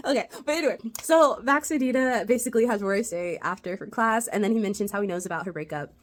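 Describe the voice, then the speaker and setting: A woman giving a casual, chatty recap of a TV episode, retelling it with lots of "like" fillers. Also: medium pitch. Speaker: TV rewatch reviewer.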